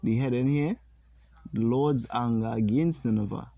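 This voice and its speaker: A man teaching a religious lesson, reading scripture slowly and deliberately and pausing to comment. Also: medium pitch, vocal fry, mellow, no room sound.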